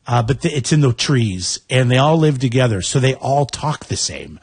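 A man talks loosely and with amusement, trailing off into fillers as he goes. His voice is husky and sits at an ordinary pitch. The sound is dry and close. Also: animated, moderate pace, darkish tone, no echo. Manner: rambling, amused, full of fillers. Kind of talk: casual chat.

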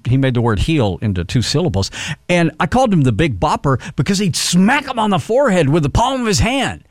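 A man's voice: a little high, no echo, studio quality. An older man from Texas hosting a call-in radio show in a rambling, joking way with lots of fillers. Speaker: fill-in radio talk host. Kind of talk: casual call-in radio chat.

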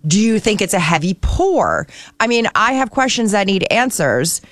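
A woman co-hosting a radio talk show, playful and quick to laugh. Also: mid-range voice, very animated, dry recording. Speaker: radio show co-host and producer.

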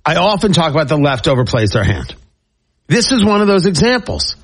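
Male talk show host, high and very animated delivery, punchy political commentary. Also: a little fast, breathy edge. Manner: emphatic, animated, repetitive phrasing.

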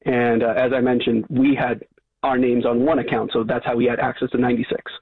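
Male phone-in caller, hesitant and halting, on a thin phone line. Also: mid-range voice, level tone, husky, no echo. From Long Island. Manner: hesitant, many fillers and restarts. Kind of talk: phone-in call.

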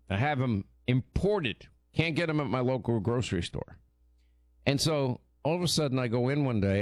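A man hosting a radio show, telling stories in casual, animated, teasing on-air chat. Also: medium pitch, no room sound, clean studio sound.

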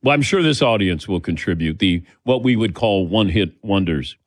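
Brief: male sports radio host, dry studio mic, animated banter, takes callers. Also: deep voice, normal speed, dry recording. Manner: jokey, lively banter, takes calls. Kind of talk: casual sports talk radio.

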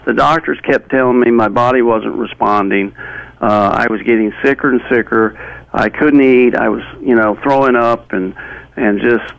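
A man, an interview guest, recounting a personal story in a halting way with many fillers and restarts. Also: medium pitch, vocal fry, dry recording, dull audio.

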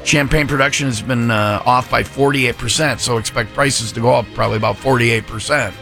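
A man's voice: medium pitch, a little fast, vocal fry, sharp tone, faint music behind. A middle-aged man hosting a morning radio show in casual chat, jokey and rambling as he riffs on the news. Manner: jokey, rambling, self-mocking.

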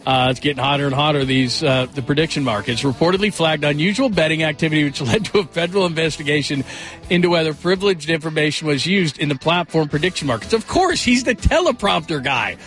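A man's voice: fairly high pitch, animated, fast talker, a bit bright, faint music behind. A man hosting a sports talk radio show, upbeat and full of big praise. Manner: upbeat, hyperbolic, loose.

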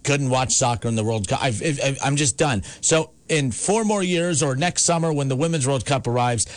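A man's voice: mid-range voice, normal speed, no room sound. A man hosting a call-in sports talk show from the United States, ranting emphatically, with repeated words and restarts. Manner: emphatic, repetitive, stammering restarts. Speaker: sports radio host.

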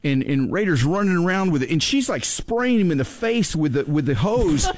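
A man hosting a talk show, telling a story in an animated, excitable way and laughing often. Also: a little high, moderate pace, no echo, studio quality. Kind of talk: casual storytelling chat.

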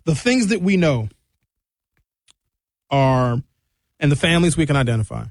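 A man talks through his notes in a casual monologue, his voice sitting a little high. He sounds indignant and animated, and he breaks in with jokey asides. The recording is dry and close, with no room sound. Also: normal speed, dry recording. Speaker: commentator.

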